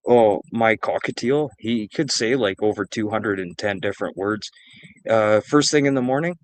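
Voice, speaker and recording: A man's voice: lowish voice, moderate pace, a little hiss or hum. A man streaming and chatting casually, telling rambling anecdotes full of swearing. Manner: rambling, profane storytelling. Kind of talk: casual chat.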